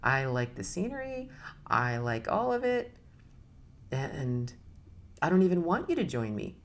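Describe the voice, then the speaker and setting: A middle-aged woman with a low, gravelly voice gives a relaxed spoken talk. She is animated and laughs often, slipping into little voices to act out her thoughts. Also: a little slow. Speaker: spiritual teacher giving a live talk.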